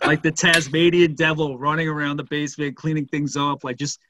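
A man's voice: fairly high pitch, level tone, a little fast, fairly bright tone, no echo. A male host reflecting aloud in a casual interview, often searching for words.

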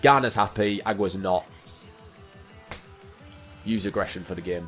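A man's voice: fairly low pitch, a little slow, fairly bright tone, faint music behind. A young man chatting and joking through football game commentary, often talking to the players on screen. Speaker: gaming YouTuber. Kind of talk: casual gameplay commentary.

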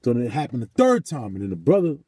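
A man with a husky, mellow voice tells a story in a vlog and drifts into preaching. He talks emphatically, swears freely and repeats his points. The sound is close and dry. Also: mid-range voice, huge pitch swings, fast talker, dry recording. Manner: emphatic, profane, repeats phrases. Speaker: vlogger.

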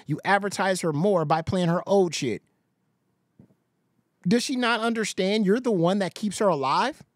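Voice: medium pitch, no echo, studio quality. A stream host ranting in reaction commentary, mocking and incredulous, laughing often.

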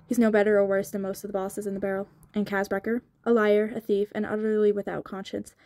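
The lines of a hard, resolute young woman thief, read by a woman narrator in a storybook reading. She speaks quiet and firm, in a level voice that barely rises or falls. The sound is close and dry. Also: mid-range voice, little pitch movement, fast talker, no room sound, close to an everyday voice.

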